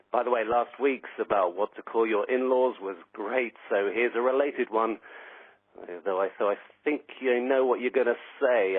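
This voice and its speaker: A man's voice: medium pitch, dry recording. A British man calling in to a podcast, talking in a dry, wry way over a phone line. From Britain. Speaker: caller. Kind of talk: voicemail read out on a podcast.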